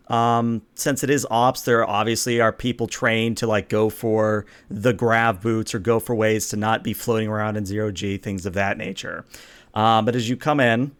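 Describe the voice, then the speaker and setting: A man at a mid-range pitch narrates a tabletop role-playing game as its game master. He talks in a relaxed, easygoing way, filling pauses with "um" as he moves the story between players. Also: smooth. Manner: relaxed, steering the scene with fillers.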